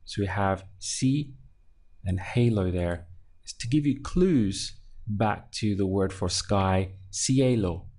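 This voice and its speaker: A man teaching a language lesson, explaining patiently, slowing down and repeating each word. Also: lowish voice, a little mellow. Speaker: Spanish teacher.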